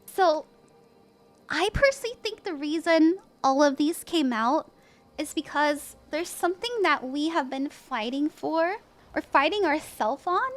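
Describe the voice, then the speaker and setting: High-voiced woman giving tarot readings. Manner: gentle, reassuring, laughs easily. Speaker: tarot reader. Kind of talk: live-stream tarot reading.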